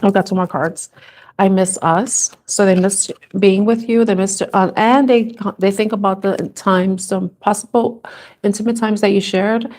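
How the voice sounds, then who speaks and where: A woman's voice: mid-range voice, steady tone, normal speed, darkish tone. A woman giving a live tarot reading to camera, talking in a tender, rambling way and growing emotional as she reads. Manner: tender, rambling, moved to tears at times. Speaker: tarot reader.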